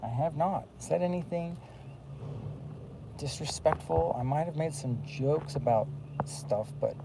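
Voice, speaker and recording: Rambling guy vlogging, low gravelly voice, lots of um and you know. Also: a little slow, background noise. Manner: rambling, many fillers and restarts. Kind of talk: rambling casual monologue.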